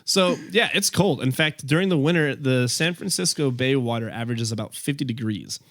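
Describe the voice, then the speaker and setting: A man narrates a history story for his podcast friends in a loose, casual way, laughing and stumbling over his notes. His voice sits at an ordinary middle pitch, recorded close and dry. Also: fairly quick, a bit bright, no echo. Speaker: podcast host telling the story.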